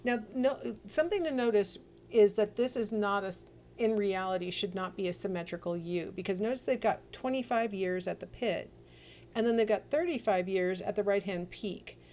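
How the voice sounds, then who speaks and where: A woman's voice: mid-range voice, moderate pace, darkish tone, a little hiss or hum. A middle-aged woman gives a recorded lecture. Her delivery is chatty and digressive, full of fillers and small personal asides.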